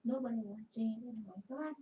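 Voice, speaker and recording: Off-camera mom, middle-aged, high-ish voice, coaxing tone, dull lo-fi sound. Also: female voice, rapid-fire, distant mic, a little hiss or hum. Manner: urging, coaxing a child to stop. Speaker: parent. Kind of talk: casual talk off camera. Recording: muffled, from across the room.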